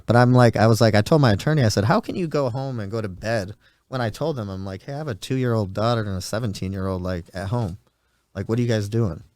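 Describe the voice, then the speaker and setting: This man, a forties-aged podcast host, talks fast in a fairly low, darkish voice, captured in a dry recording. He rambles casually through a story and performs the voices of whoever he's quoting.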